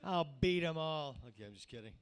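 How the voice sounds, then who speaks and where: A man's voice: a little high, lively intonation, brisk, smooth. A man in his fifties hosting a small comedy show, introducing acts with crude, rambling jokes. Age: 50s. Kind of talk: stand-up emcee banter.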